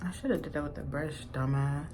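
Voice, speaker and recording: A woman's voice: sits low, steady tone, fairly quick, background noise. A young woman, a little tipsy, chatting casually through a makeup tutorial, rambling and swearing in playful trash talk. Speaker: beauty vlogger.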